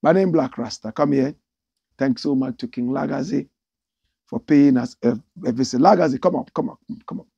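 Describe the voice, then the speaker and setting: A man with a Ghanaian accent hosting a casual livestream, animated as he reads out viewer comments. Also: mid-range voice, normal speed, creaky, slightly rough, no room sound, highs cut off. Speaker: host.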